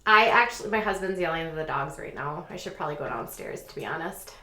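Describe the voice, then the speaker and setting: A woman's voice: low voice, animated, fast, sharp tone, roomy sound. A woman hosting her own channel, chatting casually with viewers in a sarcastic, joking, mock-serious way. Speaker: channel host. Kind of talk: casual livestream chat.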